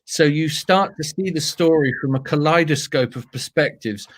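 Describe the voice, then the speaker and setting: A British man, a storyteller, telling funny anecdotes in a playful, animated way during a casual interview. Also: a little high, normal speed. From Britain. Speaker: storyteller guest.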